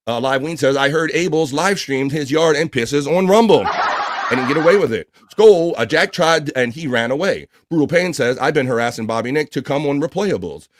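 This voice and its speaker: A man hosting a casual livestream, quickly reading out viewer names, shout-outs and chat messages. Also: a little high, animated, noisy background. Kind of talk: casual live show chatter.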